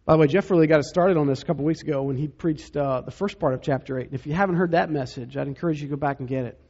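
High-voiced husky preacher man. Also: very fast, lo-fi sound. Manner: dramatic, drops to a hush for emphasis. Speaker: pastor. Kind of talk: sermon.

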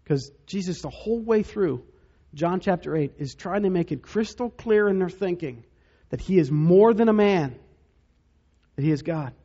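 A man preaching a sermon as pastor, dramatic, dropping to a hush to stress key points. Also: high-pitched, animated, normal speed, dull audio. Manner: dramatic, drops to a hush for emphasis.

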